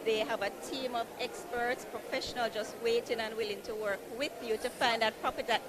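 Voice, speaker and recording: A woman pitches home loans at a conference marketplace booth. Her voice sits a little high and she keeps stressing how easy and convenient it all is. Loud floor noise runs behind her. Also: fairly even intonation, a little fast. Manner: upbeat, persuasive, repeats easy and convenient. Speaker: building society representative. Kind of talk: sales pitch at an expo booth.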